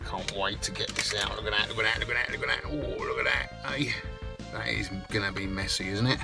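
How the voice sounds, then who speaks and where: A man's voice: lowish voice, fairly even intonation, a little fast, creaky, over music. A man hosting a casual vlog from a parked van, cheeky and jokey, savouring his food as he talks. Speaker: vlog host.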